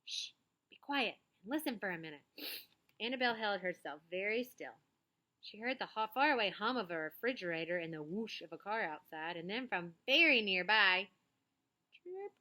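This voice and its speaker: A woman reading a children's chapter book aloud, pausing to describe the pictures in an animated way. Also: medium pitch. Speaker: storybook reader.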